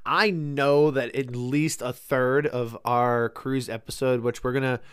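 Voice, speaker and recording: A man who works as a travel planner, co-hosting a casual chat, jokey and full of quick restarts and asides. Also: mid-range voice, fairly even intonation, smooth. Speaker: travel planner and podcast co-host.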